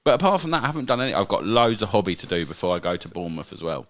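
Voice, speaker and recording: A man's voice: fairly low pitch, expressive, racing, fairly bright tone. A man co-hosting a casual podcast, teasing his co-host in playful banter.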